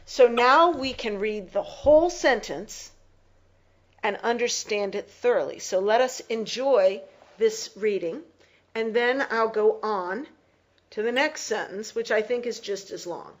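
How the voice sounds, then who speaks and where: Slow, deliberate woman teacher. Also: medium pitch, poor audio. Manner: slow, deliberate, pausing to explain and reread. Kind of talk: slow close-reading lesson.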